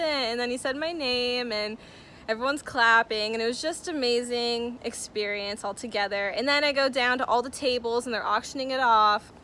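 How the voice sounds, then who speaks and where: A young woman vlogger tells a personal story to her camera in a chatty, emotional way, full of fillers, for a casual story-time vlog. Her voice is a little high, bright and forceful at normal speed, with slight hiss or hum.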